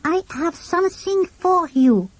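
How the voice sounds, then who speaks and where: A woman voicing a polite, timid French schoolboy with a French accent who speaks halting broken English. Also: extremely high pitch, lively intonation, no room sound, pitched above the performer's own voice, full character voice. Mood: courteous.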